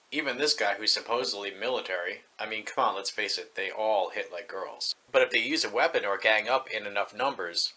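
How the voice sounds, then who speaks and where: A man's voice: on the low side, bright, forceful tone, poor audio. A man narrating political commentary in a sarcastic, mocking way.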